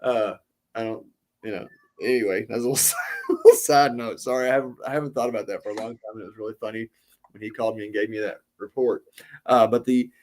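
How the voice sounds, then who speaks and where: A man hosting a podcast, telling a casual story in a rambling way with many pauses and restarts. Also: on the low side, steady tone, darkish tone. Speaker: podcast host.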